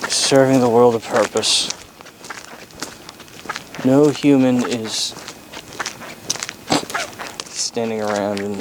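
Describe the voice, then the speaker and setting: A man's voice: on the low side, noisy background. A man in his thirties talking in a sarcastic, profane, ranting way in a casual vlog.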